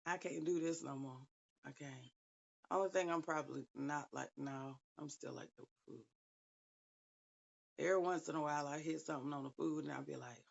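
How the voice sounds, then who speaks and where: Woman doing a chill tarot reading, super raspy fry in her voice, chatty, talks right at ya. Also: sits low, moderate pace, lo-fi sound. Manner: chatty and slangy, talks straight to viewers with frequent laughs. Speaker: tarot reader. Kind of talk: casual spiritual card reading to viewers.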